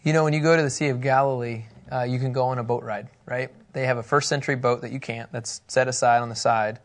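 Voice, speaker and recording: Gravelly, animated male Bible teacher. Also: medium pitch, fast. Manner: animated, laughing, acting out scripture quotes. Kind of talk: casual Bible lesson.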